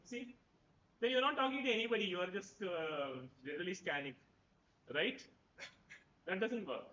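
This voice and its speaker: A man with a high, lively voice gives a lecture and peppers it with "right?" as he goes. His tone is bright and a bit sharp. The sound is dull and echoes through a big room. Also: moderate pace. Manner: conversational, keeps asking "right?". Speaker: professor giving a talk. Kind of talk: lecture to students.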